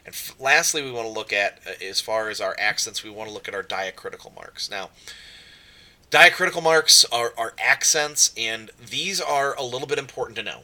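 A man's voice: mid-range voice, moderate pace, pushed and bright. A man teaching Greek letters and accents in a casual way, often repeating himself and saying um. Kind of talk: explaining at a whiteboard.

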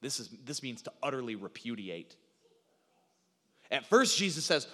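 A man preaching a sermon, animated, acting out quoted lines, with frequent restarts. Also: mid-range voice, moderate pace. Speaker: pastor. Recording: reverberant hall sound.

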